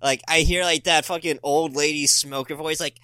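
A man's voice: a little high, fairly even intonation, moderate pace, pushed and bright, smooth, no echo. Crude ranting man, dry close sound. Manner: crude, ranting, laughs often. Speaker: podcast guest. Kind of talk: casual podcast chat.

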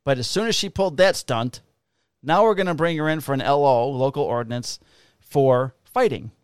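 In casual conversation, a police officer recounts a rowdy story from work, swearing freely and slipping into the voices of the people involved in an animated way. His smooth, clear, middle-pitched voice moves at a moderate pace and is recorded close and dry.

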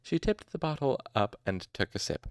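A man's voice: mid-range voice, sing-song, normal speed, vocal fry, no echo, clean studio sound. A man reading a novel aloud expressively, with occasional asides and self-corrections. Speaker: audiobook narrator.

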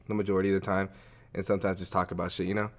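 A man's voice: low-pitched, level tone, racing. A young man co-hosting a podcast, talking in a laid-back, slangy way and laughing often. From Las Vegas. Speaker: podcast co-host. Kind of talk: casual chat.

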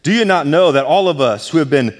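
Male pastor, mid-high voice, emphatic sermon delivery, long church reverb. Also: animated, fast. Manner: emphatic, repeats words when stressing a point. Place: church sanctuary.

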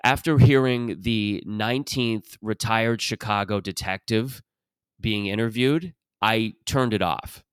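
A man's voice: lowish voice, takes it slowly, clean tone, dry recording, clean studio sound. A man from Canada hosting a comic monologue, who rambles and swears and fills his talk with "like" and "uh". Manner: rambling, profane storytelling with many fillers. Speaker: podcast host. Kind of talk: comedic monologue.

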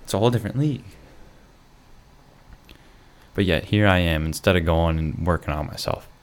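Talking fast in a low voice, this young podcast host records alone in his bedroom with a lamp in the corner. He rambles, full of fillers and restarts, poking fun at himself with dry humor.

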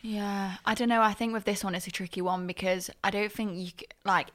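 Animated young Northern English woman. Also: mid-range voice, brisk. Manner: animated, laughing banter with repeated restarts. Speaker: podcast co-host. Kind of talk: casual chat.

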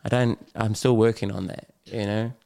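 A man's voice: on the low side, normal speed, creaky, clean tone. A middle-aged man, a podcast guest talking candidly, laughing often and swearing casually. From New Zealand. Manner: animated storyteller, swears, laughs often, acts out his own lines.

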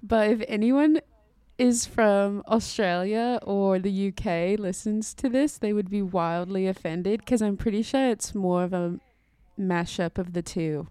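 A woman's voice: medium pitch, measured pace, mellow, clean tone, no room sound. A young American woman co-hosting a podcast, chatty and giggly, joking at her own expense. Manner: giggly, chatty, self-deprecating. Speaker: podcast co-host. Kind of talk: casual chat.

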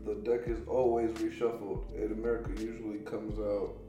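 A man's voice: fairly low pitch, monotone, normal speed. A man talks in a loose, rambling podcast style. He stops and restarts his sentences and swears offhandedly. The room is echoey, with faint music in the background. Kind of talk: casual podcast chat.

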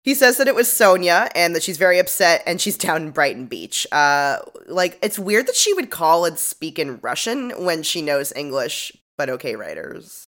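A woman's voice: low voice, sing-song, normal speed, few pauses, a bit bright. A woman co-hosting a casual podcast, recapping a TV episode in a chatty, profane way and mimicking the characters' lines. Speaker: podcast co-host.

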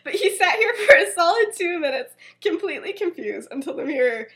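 A woman's voice: extremely high pitch, sing-song, fairly quick, a bit bright. A young woman co-hosting a podcast, casually retelling a story in a chatty way, full of "like" and frequent laughter. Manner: chatty, fills with "like", breaks into laughter. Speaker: podcast co-host.

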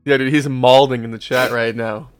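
A man's voice: mid-range voice, fairly even intonation, moderate pace, clear, resonant tone. A young man hosting a podcast, casually telling a long story to his co-hosts, swearing freely and laughing along. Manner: laid-back, swears often, laughs at his own story. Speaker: podcast host.

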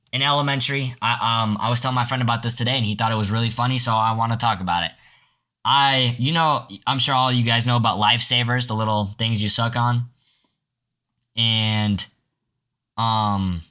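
A teenage boy with a medium-pitched, pushed, bright voice hosts his first solo podcast. He tells rambling stories casually, restarting often and making self-mocking jokes.

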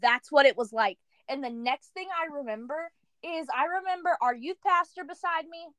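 A young woman co-hosting a podcast, telling a story in animated casual chat full of "like" fillers. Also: high-pitched, normal speed, dry recording. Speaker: podcast co-host.

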